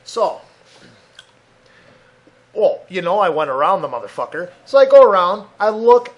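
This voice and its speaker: A man's voice: high voice, big pitch swings, a little slow, long pauses. A man hosting a solo podcast, ranting angrily and profanely, mocking other people in put-on voices, recorded on a desk mic at his computer. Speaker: podcast host.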